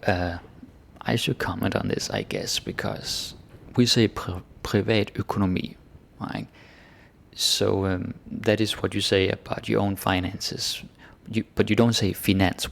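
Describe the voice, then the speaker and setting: Male language teacher, gravelly low voice, laid-back explainer who slows down for the key phrases. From Denmark. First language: Danish. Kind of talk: casual language lesson.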